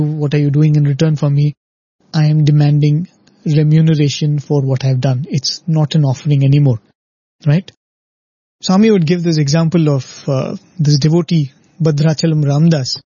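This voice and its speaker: Husky man giving a devotional talk. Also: fairly high pitch, fairly even intonation, moderate pace, warm tone, no echo, lo-fi sound. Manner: earnest, reflective, often ends points with "right?". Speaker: spiritual speaker. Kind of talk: devotional discourse.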